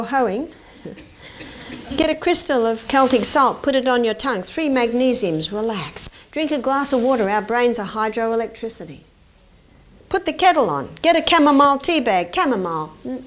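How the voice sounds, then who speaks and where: A woman giving a lively health lecture, asking the audience questions and acting out quoted dialogue. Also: fairly high pitch, moderate pace, a little hiss or hum. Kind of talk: animated public lecture. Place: lecture hall.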